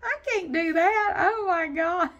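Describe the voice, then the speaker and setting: A woman voicing a loud, dramatic woman who complains her way through an aerobics class. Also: very high-pitched, slow pace, muffled recording, voice pushed up, heavily acted. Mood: exasperated.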